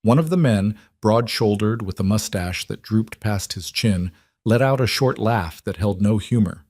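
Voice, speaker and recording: Male narrator, low register, dead-dry booth sound; calm, measured storytelling. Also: no echo. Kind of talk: scripted narration.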